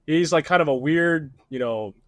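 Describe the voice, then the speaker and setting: A man's voice: fairly high pitch, normal speed, no room sound, studio quality. A man guesting on a podcast, chatting in a joking, offhand way. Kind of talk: casual podcast chat.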